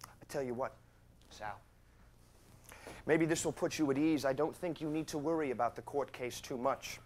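An actor playing a slick, smarmy lawyer in a stage drama, smooth and lecturing. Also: male voice, mid-range voice, normal speed, darkish tone, lightly acted. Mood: persuasive.

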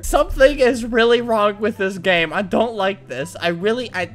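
A young man giving excitable, foul-mouthed comedic commentary while playing a game, often bursting into laughter. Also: high-pitched, moderate pace, few pauses. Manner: excitable, swears a lot, frequent laughing outbursts. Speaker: gaming YouTuber. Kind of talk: comedic let's-play commentary.

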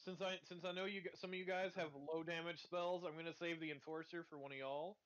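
A man's voice: a little high, steady tone, fast talker, a bit bright, muffled recording, slight background noise. A man playing a game with friends, explaining rules and strategy with frequent restarts over voice chat. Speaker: player in a group game. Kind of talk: casual gaming chat.

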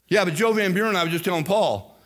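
Older pastor guy w a bit of a southern twang, preaching hard, kinda high voice. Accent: slight Southern-sounding American. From Indiana, USA. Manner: emphatic, animated preaching with quoted asides. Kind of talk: sermon.

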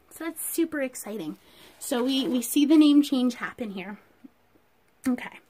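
A woman teacher telling a Bible story to children, with animated storytelling and rhetorical questions. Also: high-pitched.

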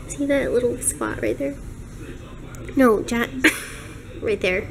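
A woman's voice: on the high side, measured pace. A young woman vlogging at home, cooing in baby talk at her cats. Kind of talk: casual home vlog. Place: home indoors. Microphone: handheld camera. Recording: noisy home camera audio.

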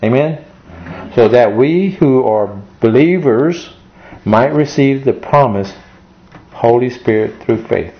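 A man's voice: medium pitch, animated, slow, dull audio. A male pastor preaching an emotional sermon, repeating his points and reading scripture aloud.

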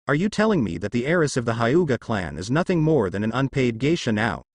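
A man's voice: medium pitch, sing-song, fairly quick, no echo. A man voicing a hot-tempered woman ninja leader who exclaims indignantly, in a fan fiction reading.

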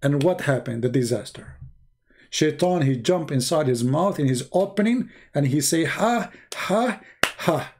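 Sarcastic husky-voiced male debater. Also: on the high side, expressive, moderate pace, darkish tone. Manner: sarcastic, mocking, theatrical. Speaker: online religious debater. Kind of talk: mocking commentary monologue.

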